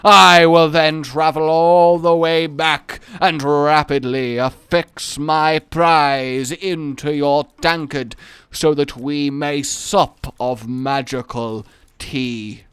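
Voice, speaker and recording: A booming, intoning epic storyteller, as a man puts him on. Every phrase is drawn out slowly and weightily, in a fairly high yet smooth, resonant voice. The sound is close and dry, with no room around it. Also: steady tone, fairly bright tone, dry recording. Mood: grandiose. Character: grandiose epic male storyteller, solemn and intoning.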